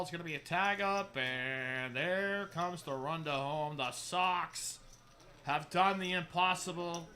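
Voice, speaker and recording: A man playing an excited male baseball play-by-play announcer with a Boston accent, making loud, rising, drawn-out calls. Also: high voice, voice pushed up, full character voice.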